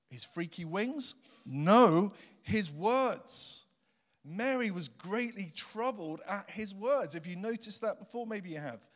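A middle-aged man with an English accent preaches in a church, and his voice rings with a long reverb. He is getting over a virus, and he is lively and jokey with sudden loud bursts. His voice sits a little high for a man. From England. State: recovering from a virus. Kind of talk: sermon.

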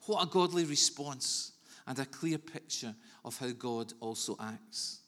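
A man preaching a sermon in an earnest, measured way with soft pauses. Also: medium pitch, lively intonation. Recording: long reverb of a large hall.

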